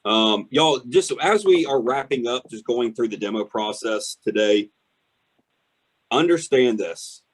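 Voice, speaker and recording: A man's voice: mid-range voice, lively intonation, measured pace. A man coaching salespeople emphatically on a team call. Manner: emphatic, direct coaching with "y'all". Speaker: sales trainer.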